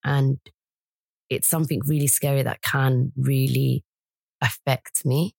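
A woman co-hosting a casual late-night chat, agreeable and reflective, backing up her friend with quick interjections. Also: a bass voice, little pitch movement, gravelly, a little mellow, dry recording. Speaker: podcast co-host.

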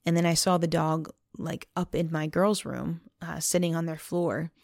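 A woman with a gravelly voice talks through a long story on a faith podcast. She rambles and leans on "like" again and again. The sound is close and dry, with no room around her. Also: low voice, little pitch movement, moderate pace, darkish tone, no room sound. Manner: rambling storytelling, heavy use of "like". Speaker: podcast co-host.

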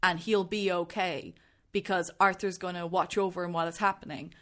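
Animated woman in casual chat. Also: fairly low pitch, a little fast. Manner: animated, acts out quotes in raised voices. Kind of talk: casual chat about a show.

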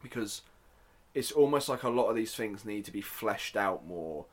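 A man's voice: lowish voice, lively intonation, moderate pace. A man hosting a casual solo podcast, chatty and self-deprecating, with joking asides. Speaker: podcast host.

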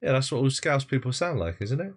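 A man's voice: mid-range voice, big pitch swings, fairly quick. A man hosting a football podcast, chatting casually in a jokey, self-mocking way. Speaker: podcast host. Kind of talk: casual chat.

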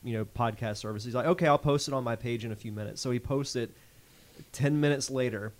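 A male podcast host talks in an easygoing, conversational way while trading stories with his guests. His voice sits at an ordinary middle pitch. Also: quick pace. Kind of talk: casual podcast chat.

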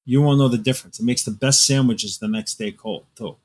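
A man talking as a novelist guest on a podcast, telling animated stories and laughing often. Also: medium pitch, fairly quick. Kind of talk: casual podcast conversation.

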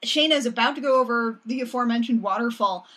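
A woman co-hosting a podcast, recapping a cartoon episode with animated, sarcastic commentary. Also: a little high, fast talker. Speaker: podcast co-host. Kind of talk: casual recap chat.

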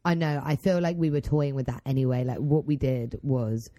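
A young woman in her twenties co-hosts a casual podcast. Her voice is strikingly low and mellow, and she muses aloud in an easygoing, agreeable way, recorded close and dry. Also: fairly even intonation, moderate pace, no echo. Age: 20s. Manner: reflective, agreeable, thinks aloud. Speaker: podcast co-host. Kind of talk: casual chat.

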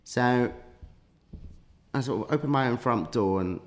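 A man's voice: medium pitch, measured pace. A man, a podcast guest, telling a long anecdote in casual chat with many fillers and restarts.

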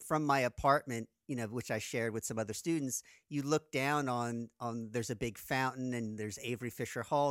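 A man with a New Jersey accent, a composer talking as a guest in a casual interview, upbeat and quick to laugh, often repeating his words. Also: medium pitch, clean tone, no echo, studio quality. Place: remote call from Australia.

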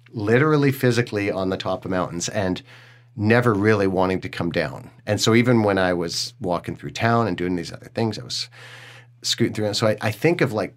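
A middle-aged man hosting a podcast, speaking candidly and emotionally and swearing freely in casual conversation. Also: on the low side. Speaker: podcast host.

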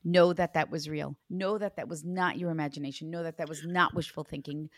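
A woman's voice: low-pitched, brisk, no room sound, studio quality. A woman working as a psychic medium, giving a reading to a client in an earnest, reassuring way. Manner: earnest, reassuring, animated when retelling.

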